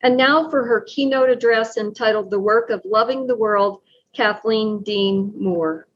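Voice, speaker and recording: A woman emcee makes a formal, gracious introduction to a keynote speaker. Her voice sits somewhat high, and the audio is dull and lo-fi. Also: unhurried, breathy edge.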